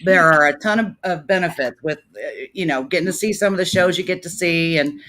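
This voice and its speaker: A woman's voice: lowish voice, brisk, fairly bright tone. A woman hosting a casual interview over a video call, talking in an effusive way and laughing easily. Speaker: interview host.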